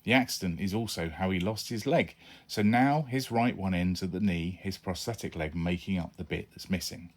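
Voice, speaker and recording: A man's voice: sits low, normal speed. A man reading his own children's adventure book aloud, narrating chattily in the first person as a young boy.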